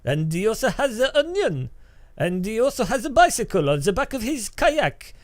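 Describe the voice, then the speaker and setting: A man doing a hostile policeman, much higher than a normal speaking voice and loud. He bellows and lectures in a pompous, scornful way. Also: big pitch swings, moderate pace, dry recording. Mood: gloating. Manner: shouting, pompous. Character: irate male French policeman, hostile.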